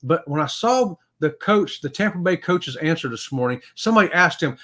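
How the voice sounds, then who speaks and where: A man's voice: on the high side, lively intonation, normal speed, pushed and bright. Folksy man hosting a livestream. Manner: folksy, upbeat, chuckles often. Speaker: livestream host. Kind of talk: casual livestream chat reading viewer comments.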